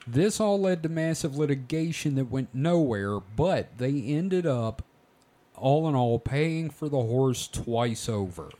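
A man's voice: medium pitch, lively intonation, unhurried, mellow. A man hosting a podcast, telling the story in a casual way and swearing freely. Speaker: podcast host presenting the topic.

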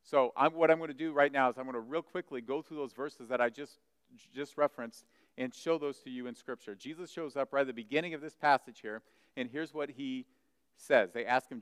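A male pastor preaching a sermon. He retells a scripture passage and voices the doubting crowd with a rising, agitated pitch. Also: brisk, smooth, no room sound, big-room sound.

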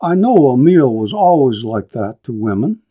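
A man's voice: mid-range voice, big pitch swings, normal speed, dark tone, husky. A man voicing an earnest, wistful woman farm owner who speaks eagerly and lingeringly.

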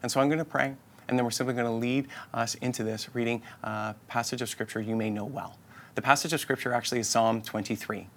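A man preaching as a pastor, earnest and inviting, often repeating himself for emphasis, and dropping to a soft voice to lead a prayer. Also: fairly even intonation, quick pace. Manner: earnest, repetitive, inviting phrasing; drops to a soft, low voice in prayer. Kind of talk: sermon.

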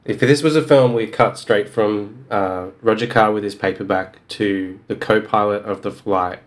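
A man co-hosting a book podcast, his voice sitting fairly low. He walks through the plot in careful detail and adds dry, wry asides. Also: steady tone, normal speed. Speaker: podcast co-host. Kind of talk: casual chat about a novel.

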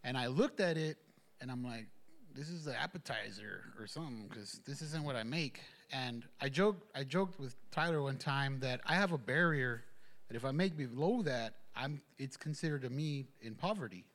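A man's voice: medium pitch, lively intonation, normal speed, fairly bright tone. A man telling a personal testimony at a church gathering, rambling, with many fillers and restarts. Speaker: church member giving a testimony. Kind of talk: casual spoken testimony.

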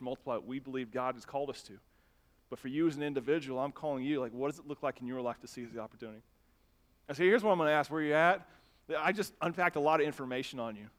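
A male pastor preaching an emphatic sermon to his church, later softening into a quiet invitation for the congregation to reflect. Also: mid-range voice. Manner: emphatic preaching with rising intensity, then soft invitation.

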